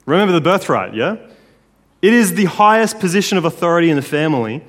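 A man's voice: a little high, quick pace. A man telling a Bible story in a casual, chatty way, with jokes along the way. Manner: chatty, joking, lively storytelling. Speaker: Bible teacher. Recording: long hall reverb.

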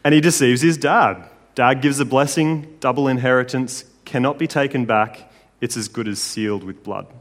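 With a mid-range voice at normal speed, a man preaches a sermon casually and conversationally, often checking in with listeners through tag questions. The recording carries a long hall reverb.

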